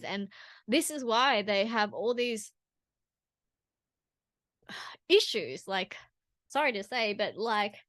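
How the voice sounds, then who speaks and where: A woman's voice: fairly high pitch, a bit bright, dry recording. A woman talking straight to camera in a personal vlog, earnest and rambling, with restarts and asides. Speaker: vlogger.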